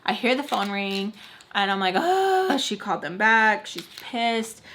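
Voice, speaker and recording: A woman's voice: medium pitch, measured pace, a little hiss or hum. A young adult woman vlogger telling a personal story in a casual, chatty way, full of fillers, with a blunt, frustrated edge. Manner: chatty, filler-heavy, animated retelling. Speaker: beauty vlogger.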